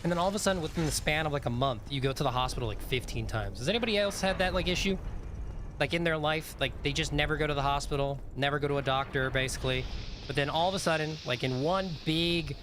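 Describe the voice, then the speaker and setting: A man's voice: fairly high pitch, fast, background noise. A man streaming a game live, talking casually to his chat in a rambling, chatty way with many fillers.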